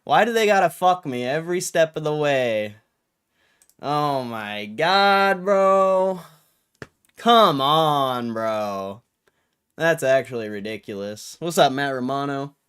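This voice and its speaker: An irritated young man complains live to his viewers, swearing and laughing in frustration. His voice sits a bit high and swings widely. He talks slowly and drawls his words. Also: lively intonation, fairly bright tone, smooth. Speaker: livestream host. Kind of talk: casual livestream rant.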